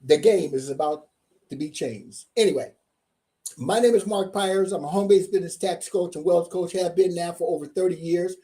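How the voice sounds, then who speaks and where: A man's voice: high-pitched, moderate pace, mellow. A middle-aged man giving a live-streamed seminar as a tax coach, hyped up and asking "okay?" again and again. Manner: hyped-up, repeats "okay?" often.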